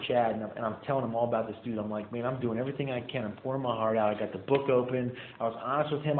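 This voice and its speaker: A man's voice: on the high side, slight background noise. A young man sharing his recovery story with a meeting group in a loose, casual way, saying "man" and "like" often. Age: young adult. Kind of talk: personal story told to a group. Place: meeting room. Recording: echoey room over a tinny phone-like line.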